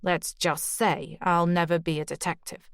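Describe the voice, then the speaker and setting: A woman's voice: lowish voice, level tone, a little slow, fairly bright tone, no room sound, clean studio sound. Woman reading a sheepish, friendly Irish man. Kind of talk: audiobook character dialogue.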